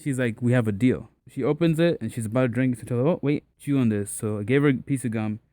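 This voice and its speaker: A young man casually telling a personal story to the camera in a relaxed, slangy way, acting out the people in it. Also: medium pitch, fast, no room sound. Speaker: vlogger.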